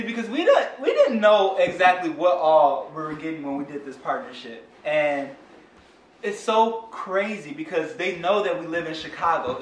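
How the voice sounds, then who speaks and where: A young dad unboxing on a phone camera, his voice bouncing around a roomy space. He sits a bit back from the mic with faint ambience behind him. His tone is lively and hyped, with a slightly high pitch and playful asides to his viewers. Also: distant mic, a little hiss or hum. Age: young adult. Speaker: father and vlogger reviewing a product. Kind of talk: excited unboxing vlog talk.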